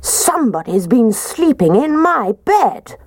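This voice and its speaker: A big father bear, voiced by a woman narrator speaks gruffly in a storybook tale. His lines are lively and dry-sounding. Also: fairly high pitch, slow, no echo, voice pushed up, heavily acted. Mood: indignant.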